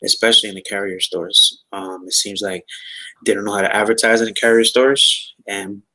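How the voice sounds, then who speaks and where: Man, low voice, casual rambling tech-talk host. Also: fairly even intonation, moderate pace, pushed and bright, rough recording. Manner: rambling, lots of fillers and restarts. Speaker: podcast host.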